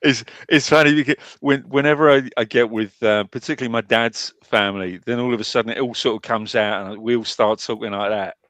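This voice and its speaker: A man's voice: medium pitch, fairly even intonation, fairly quick, few pauses, a bit bright, no room sound. A man from East London, chatting casually and joking dryly as a podcast co-host. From England, East London. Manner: dry, joking, wry. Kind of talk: casual chat.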